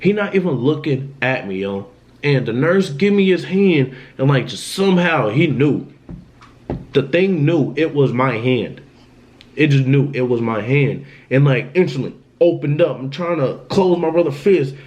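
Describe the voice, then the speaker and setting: A man's voice: medium pitch, lively intonation, unhurried, darkish tone, muffled recording. A man telling a dramatic story in a casual storytime vlog, in loose slang, often repeating himself. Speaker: vlogger.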